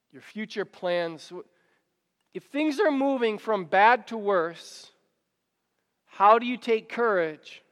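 A man's voice: high-pitched, fairly bright tone, clear, resonant tone, big-room sound. A man preaching a sermon, earnest, stammering and repeating himself as he explains a scripture reading. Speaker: pastor.

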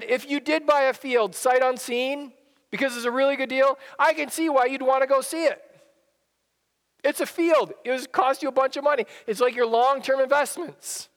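A man's voice: very high-pitched, a bit bright, long reverb tail. A male pastor giving a sermon in a conversational way, often repeating and restarting his phrases. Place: church sanctuary.

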